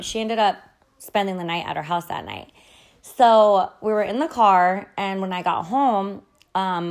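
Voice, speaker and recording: A young woman hosting a podcast, telling a childhood story in a casual, chatty way, full of fillers and quoted dialogue, with casual swearing. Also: fairly low pitch. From Mexican-American family. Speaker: podcast host.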